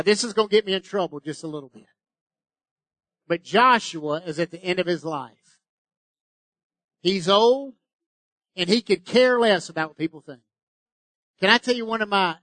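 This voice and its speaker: Middle-aged male pastor, high voice, dry close sound, preaches with fervor then drops to a hush. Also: no room sound, rough recording. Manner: impassioned, shifts from loud exhortation to hushed intimacy. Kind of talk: sermon.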